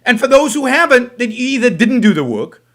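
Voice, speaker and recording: A man's voice: very high-pitched, big pitch swings, brisk, a bit bright. A middle-aged man hosting a talk show, mocking a video clip in scornful, emphatic commentary. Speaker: show host reacting to a clip.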